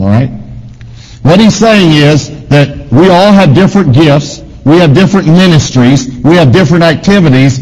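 A man pastor preaching a sermon with emphatic swings in pitch and volume, asking the congregation questions. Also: mellow. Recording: long hall reverb.

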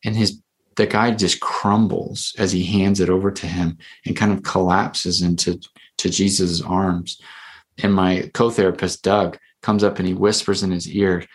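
A man with a fairly low voice talks casually on a podcast, rambling through a story. He fills it with "like" and "you know" and restarts his sentences as he goes. He sounds like a therapist chatting with a friend. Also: little pitch movement, a little slow.

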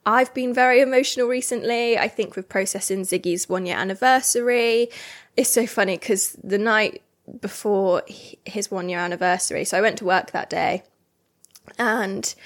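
A woman's voice: medium pitch, a bit bright. A young adult woman hosting her own podcast, talking in a casual, reflective and rambling way with plenty of fillers. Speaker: podcast host. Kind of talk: casual solo podcast chat.

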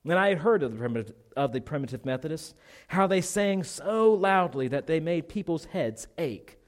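Earnest man preaching, somewhat high voice. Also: animated, normal speed. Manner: earnest, reads quoted memoir aloud. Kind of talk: sermon storytelling.

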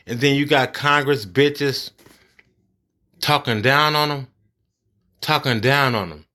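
A man's voice: medium pitch, sharp tone. A man ranting angrily about politics, profane and blunt. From United States. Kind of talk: angry political rant.

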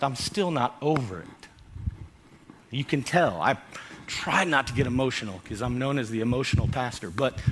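A male pastor preaching a sermon with great passion, getting loud on his key points and dropping to hushed lines, and acting out the voices in his stories. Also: on the high side, a little hiss or hum. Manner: passionate and loud, swinging between shouted emphasis and hushed lines; acts out dialogue in his stories.

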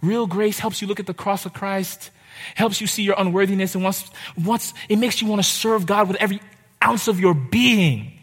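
A young man preaching a sermon, urgent and impassioned, with dramatic pauses. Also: high voice, a bit bright, breathy edge. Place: church hall. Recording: reverberant hall.

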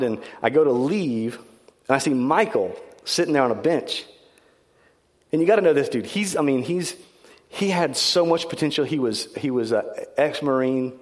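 A man preaching as pastor, telling stories in an animated, conversational and self-deprecating way. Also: medium pitch, long reverb tail. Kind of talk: sermon storytelling.

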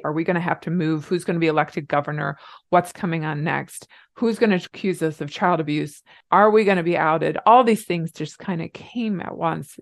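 Middle-aged woman podcast host, low and gravelly, personal storytelling, dry close sound. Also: dry recording. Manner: emotional, animated retelling with laughs.

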